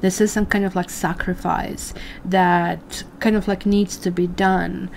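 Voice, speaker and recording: A woman's voice: lowish voice, flat delivery, a little slow, gravelly, darkish tone, slight background noise. A woman doing a chatty live tarot reading for viewers, full of fillers and asides. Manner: chatty, addresses viewers as guys, many fillers. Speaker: tarot reader.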